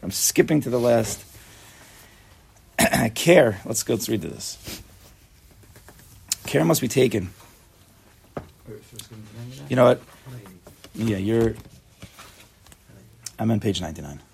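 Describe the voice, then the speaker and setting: A man's voice: on the low side, animated, slow, gravelly, pauses often, a little mellow, a little hiss or hum. A man giving a casual, chatty Torah class, joking and mixing Hebrew and Yiddish terms into his talk.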